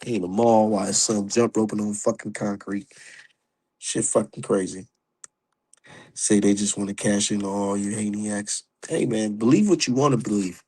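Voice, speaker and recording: A man's voice: lowish voice, moderate pace, darkish tone, breathy edge. A man ranting about boxing on his stream, heated, profane and mocking. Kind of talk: opinionated casual rant.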